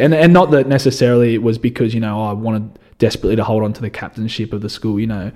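Young aussie bloke, lowish mellow voice, chatty and laid back, lots of "you know"s while he tells his story in an interview. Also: fast. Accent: Australian. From Australia. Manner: relaxed and conversational, often says "you know" and restarts phrases. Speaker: interview guest. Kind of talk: reflective personal storytelling.

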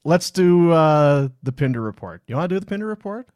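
A man's voice: a little high, lively intonation, fairly quick, no room sound. Chatty Canadian man, dry studio sound. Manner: storytelling, laughs often, trails off softly. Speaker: sports podcast co-host. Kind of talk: casual chat and live ad read. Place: small podcast studio. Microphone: studio mic.

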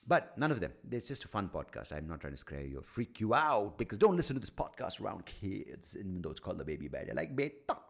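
Low-voiced guy rambling into his mic at home, swears a lot, jokes at himself, voice bounces all over. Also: big pitch swings, fast talker, creaky, hardly any pauses. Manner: rambling, profane, self-mocking, thinking out loud. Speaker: podcast host and comedian. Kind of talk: rambling solo podcast monologue. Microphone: studio microphone.

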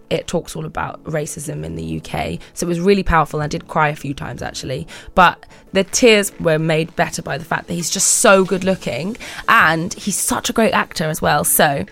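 A woman's voice: fairly low pitch, creaky, fairly bright tone. A woman chatting as an interview guest, bubbly and laughing often as she acts out little voices in her stories. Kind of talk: casual chat answering questions.

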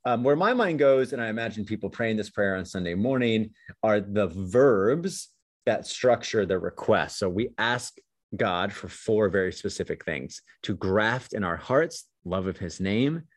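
A man's voice: lowish voice, lively intonation, measured pace, dry recording. A man co-hosting a podcast, chatting casually in a rambling way with lots of fillers, then reflecting on a prayer. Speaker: podcast co-host.

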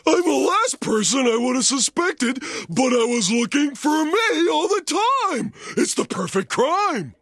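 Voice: high voice, big pitch swings, a little slow, few pauses, fairly bright tone, husky, no room sound, exaggerated voice. An actor voicing a dim-witted cartoon starfish man who is amazed at himself. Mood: awed.

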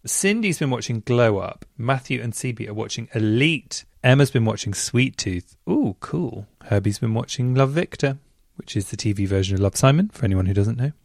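Chatty gravelly-voiced male podcast host. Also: medium pitch, animated, normal speed, no room sound, studio quality. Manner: chatty, gushing, enthusiastic. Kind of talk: casual chat reading listener messages.

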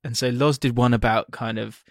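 A man's voice: mid-range voice, fairly even intonation, normal speed, no room sound, clean studio sound. A man co-hosting a football podcast, chatting casually and rambling with frequent ums and restarts. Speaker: podcast co-host.

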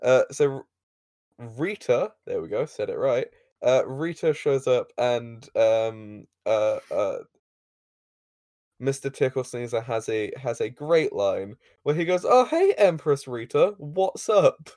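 A man's voice: mid-range voice, lively intonation, takes it slowly, darkish tone, dry recording, clean studio sound. A man co-hosting a casual podcast, retelling a show's plot with laughs, filler words and swearing. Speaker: podcast co-host recapping an episode. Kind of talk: casual chat.

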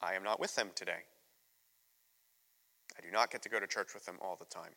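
An American man preaches an emotional, openly personal sermon as a visiting missionary. His voice is strikingly bright. It rings out with a long reverb through a church sanctuary. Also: low voice, fairly quick, creaky. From United States. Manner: candid, emotional storytelling.

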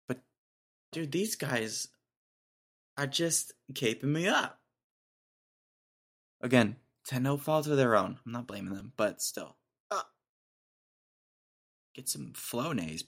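A man's voice: on the low side, vocal fry, a bit bright. A young man in his twenties hosting a podcast, telling a rambling, jokey story in casual slang. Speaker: podcast host.

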